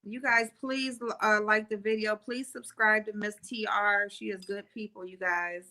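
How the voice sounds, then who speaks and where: A woman's voice: medium pitch, fairly even intonation, moderate pace, sharp tone. A woman guest on a casual live stream, giving supportive, affirming replies. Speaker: guest, beauty content creator.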